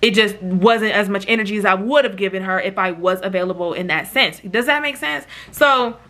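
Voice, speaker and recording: A woman telling a story in a casual vlog, animated and chatty, talking straight to her viewers. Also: mid-range voice, brisk. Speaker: vlogger.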